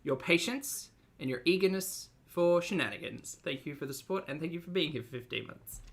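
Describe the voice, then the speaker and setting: A man's voice: fairly high pitch, expressive, a little fast. A young man hosting a casual reaction commentary, chatty and sarcastic, laughing often. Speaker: commentary channel host.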